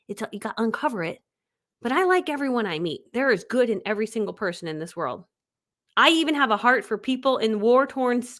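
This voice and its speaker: A woman in her forties coaching viewers on a livestream. Her voice sits high and swoops with lively animation. She is chatty and enthusiastic, laughing as she acts out little quoted exchanges. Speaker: online business coach. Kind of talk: live-streamed coaching talk.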